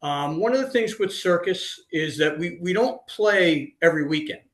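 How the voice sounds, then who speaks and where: A man's voice: a little high, lively intonation, moderate pace, echoey room. A middle-aged man, a band leader, answering interview questions in an easygoing way.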